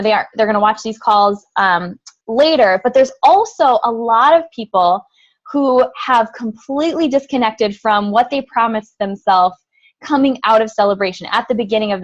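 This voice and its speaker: A woman's voice: a little high, poor audio. Upbeat woman coaching a team call. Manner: upbeat coaching, rhetorical questions. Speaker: team leader hosting a group call.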